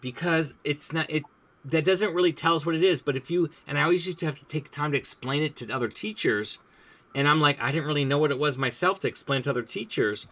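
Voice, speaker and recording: A man's voice: on the high side, fast. A man who teaches languages, chatting casually about his classroom and acting out bits of lessons as he goes. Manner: lively storyteller, acts out classroom voices.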